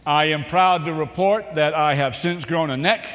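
A middle-aged man with a Boston accent giving a public speech, telling jokes and his own story with dramatic pauses and "uh" fillers. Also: fairly high pitch, noisy background. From New Bedford, Massachusetts. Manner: warm, joking delivery with dramatic pauses and frequent "uh" fillers. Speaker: keynote speaker. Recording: long hall reverb.

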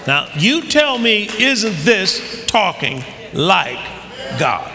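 A fervent male preacher with a high, bright voice that swings widely in pitch. He builds from measured scripture reading to shouted crescendos. The sound carries a long reverb, like a large hall. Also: very animated. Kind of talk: sermon.

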